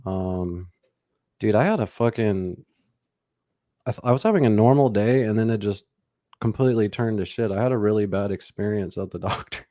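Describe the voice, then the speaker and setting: A man in his forties co-hosting a podcast, telling stories in a loose, profane, animated way. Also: on the low side, moderate pace, dry recording, studio quality. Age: 40s. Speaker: podcast co-host. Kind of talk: casual podcast chat.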